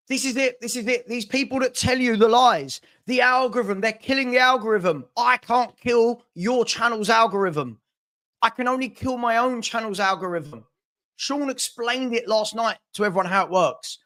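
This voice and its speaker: A man's voice: sits high, fairly bright tone. A man hosting a football channel, venting on a live stream with stammering restarts and repeated phrases. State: frustrated.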